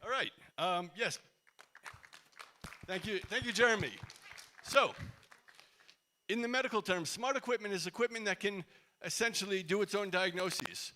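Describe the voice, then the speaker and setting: Bright-voiced man addressing a crowd. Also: high voice, moderate pace, pauses often, slight background noise. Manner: casual, engaging, asks audience questions. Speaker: company CEO speaking at event. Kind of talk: public talk to a crowd. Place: large warm indoor hall.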